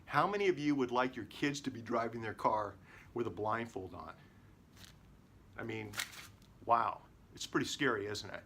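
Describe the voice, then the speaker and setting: Animated man coaching on camera. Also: mid-range voice, normal speed, long pauses, a little hiss or hum. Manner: animated, varies tone and volume for emphasis. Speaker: lawyer and video coach. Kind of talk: presenting tips to camera.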